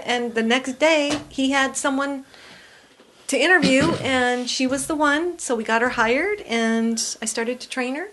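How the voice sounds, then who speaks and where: A woman's voice: high voice, normal speed. A woman guest on a podcast, telling her story in a casual chat with lots of agreeing mm-hmms. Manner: warm storytelling, frequent backchannel mm-hmms. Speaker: podcast guest, food business owner.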